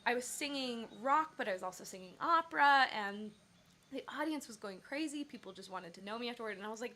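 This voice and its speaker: A woman's voice: a little high, animated, quick pace, sharp tone. A woman singer telling a rambling story on her casual livestream, with many fillers and self-corrections. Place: Bali.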